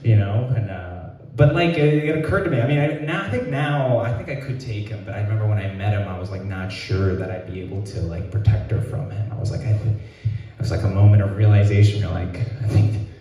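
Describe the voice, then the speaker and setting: A young man performing stand-up with a self-deprecating, halting delivery. His voice sits low and mellow. He is heard from some distance, and the space around him is very echoey. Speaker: stand-up comedian. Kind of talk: stand-up comedy set. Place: free comedy show. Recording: roomy echo, mic far off.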